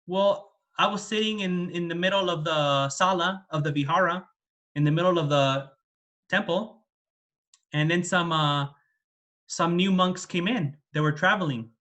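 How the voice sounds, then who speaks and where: A man's voice: high-pitched, measured pace, fairly bright tone. A man voicing a proud young male monk who complains tearfully that everyone mistreats him. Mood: sulky.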